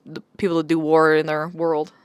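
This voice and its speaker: A woman's voice: deep voice, completely flat delivery, a little fast, smooth, no room sound. Woman rambling about her books, kinda exasperated, swears a lot, dry sound. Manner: chatty, exasperated, swears and laughs often. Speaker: book vlogger. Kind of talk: casual chat.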